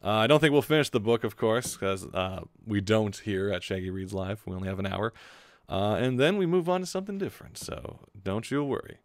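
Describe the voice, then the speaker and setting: A man's voice: on the low side, lively intonation, fairly quick, no echo, clean studio sound. Chatty man reading comics aloud live. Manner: chatty, rambling, joking asides. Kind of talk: casual live read-aloud with asides.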